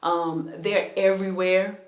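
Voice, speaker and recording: Low-voiced woman telling a story. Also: flat delivery, slow, echoey room. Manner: conversational, frequent hesitations and restarts. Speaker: vlogger telling a personal story. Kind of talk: casual spoken storytelling.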